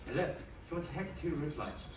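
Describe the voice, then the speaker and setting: An actor playing a fast-talking male traveller in a film, mumbling thick slang in a clipped way, heard from a film clip played in an echoey hall. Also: fairly high pitch, lively intonation, distant mic, background noise, close to an everyday voice. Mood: evasive.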